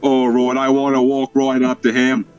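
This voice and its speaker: A man's voice: mid-range voice, completely flat delivery, moderate pace, a little mellow, faint music behind. A man playing a tabletop game, trading teasing banter with mock British bluster. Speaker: player. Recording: dull lo-fi mic.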